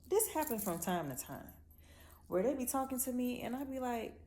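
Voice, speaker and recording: A woman vlogger from Miami, Florida, with a Miami accent and a voice that sits high, rants bluntly in a casual monologue over slight background noise. She swears a lot and tells stories animatedly, drawing out her words.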